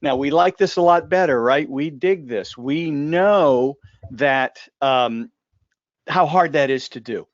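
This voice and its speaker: A man's voice: fairly high pitch, slow, no room sound, lo-fi sound. A man hosting a casual live discussion, talking in a joking, rambling way full of asides and restarts. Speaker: host.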